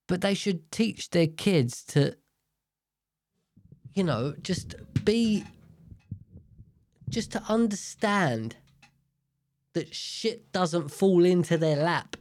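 In a dry recording, a young man with a high, a little mellow voice podcasts solo, animated but drawing out his words and pausing often. His monologue is casual and rambling, loaded with swearing and self-interruptions.

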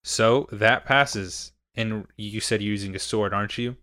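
Young man running a tabletop game, bright crisp voice, dry close sound. Laughs easily. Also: on the low side, fairly even intonation, a little slow, no echo. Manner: laughs often, casual and upbeat. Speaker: game master. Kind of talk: narrating a tabletop game over a call.

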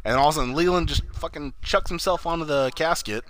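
A man's voice: fairly high pitch, fast, fairly bright tone, slight background noise. A man co-hosting a casual podcast, rambling and laughing as he recaps a TV episode and acts out lines, with plenty of swearing. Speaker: podcast co-host.

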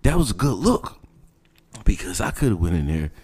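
A man telling a personal story in a blunt, animated, casual way. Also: low voice, moderate pace, breathy edge. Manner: animated, blunt, swears freely.

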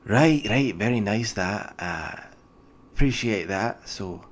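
A man's voice: on the low side, lively intonation, takes it slowly. A man voicing an older male dwarf official who sounds tired and placating, like a worn-out bureaucrat. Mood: weary, wry.

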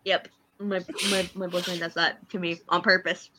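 A woman's voice: lowish voice, little pitch movement, moderate pace, noisy background. A woman from Kansas co-hosting a casual fan chat, telling stories with frequent laughter. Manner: giggly, storytelling. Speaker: podcast co-host.

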